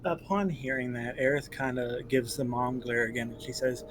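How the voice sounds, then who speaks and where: A man's voice: medium pitch, fairly even intonation, normal speed, hardly any pauses, music in the background. A man playing a tabletop game, describing his character's actions. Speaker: player.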